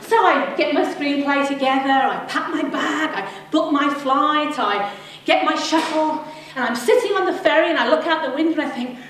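A woman in her forties telling a lively, laughing story to a live audience, acting out her own thoughts as she goes. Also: sits high, moderate pace. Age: 40s. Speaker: speaker giving a community talk. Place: large hall with a live audience. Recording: echoey hall, mic at a distance, audience noise.

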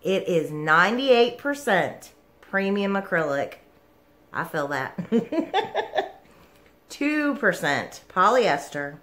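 A woman, gushing and giggling through an excited yarn unboxing vlog. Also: medium pitch, takes it slowly, pauses often. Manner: gushing, giggly, lots of "like" and "oh my goodness". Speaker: yarn vlogger.

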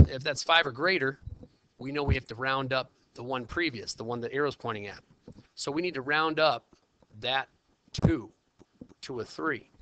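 A man's voice: medium pitch, gravelly, bright, forceful tone, a little hiss or hum. A man teaching a casual math lesson, talking himself through calculations in an informal, chatty way. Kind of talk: casual classroom lesson, working problems aloud.

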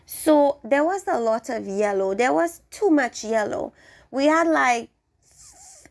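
A woman with a slightly high voice talks through a reality show episode in a loose, chatty way. She is blunt and openly fed up with the drama, and she keeps talking casually with plenty of fillers. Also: fairly bright tone. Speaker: reality TV reviewer. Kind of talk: casual opinionated recap.

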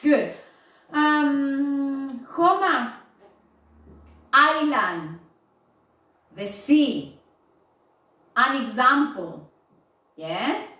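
Slow, high-voiced teacher in an echoey room. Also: female voice, animated, pushed and bright, recorded from a distance. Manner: slow, repeating "yes?" and "okay?" to check understanding. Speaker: English teacher. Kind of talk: online class feedback.

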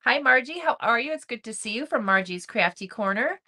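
A woman's voice: on the high side, animated, a little fast, pushed and bright. A woman hosting a crochet livestream, chatting casually and greeting viewers by name as she reads the chat. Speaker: crochet channel host.

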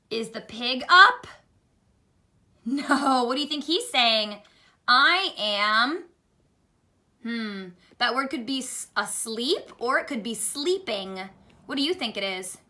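Lively high-voiced woman reading to kids. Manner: slow, animated, sing-song read-aloud voice with hesitant fillers. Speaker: teacher reading picture books aloud. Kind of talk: guided reading lesson for young children.

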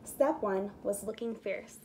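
A woman teaching preschoolers online as a zoo educator, gently encouraging and reading a picture book aloud with animated storytelling. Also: medium pitch, a little slow, a little hiss or hum.

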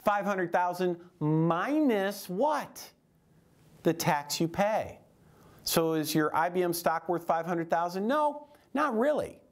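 A man hosting a radio show on finance, chatting casually and telling a story where he acts out the lines of the people in it. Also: high voice.

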